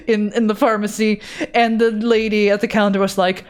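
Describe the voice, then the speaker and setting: A woman's voice: mid-range voice, level tone, moderate pace, smooth. A young woman chats on a live art stream in a mid-range voice, rambling and poking fun at herself. She swears casually and answers chat messages as she goes. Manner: chatty, self-deprecating, swears, reads chat aloud.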